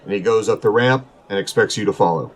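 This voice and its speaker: A man hosting a role-playing podcast, narrating as game master with frequent filler pauses. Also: lowish voice, some chatter behind.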